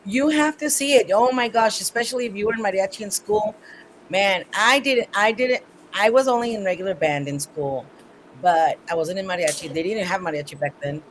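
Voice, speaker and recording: Female radio host, enthusiastic, halting questions, faint background noise. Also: mid-range voice, low-quality recording. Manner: enthusiastic, halting, with many fillers. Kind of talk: casual radio interview.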